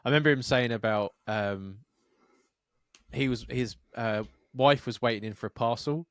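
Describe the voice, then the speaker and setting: A man in casual podcast chat who tells long, rambling, sweary stories and slips into the voices of the people in them. His pitch sits in the middle for a man. The sound is dry and close, with no room around him. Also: normal speed, dry recording. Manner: sweary, rambling storytelling with acted-out quotes. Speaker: podcast co-host.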